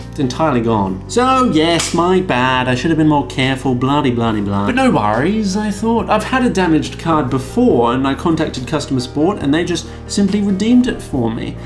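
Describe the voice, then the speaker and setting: A man, telling a comedic rant about a customer-support mishap in a wry, self-deprecating way. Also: a little high. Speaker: vlogger.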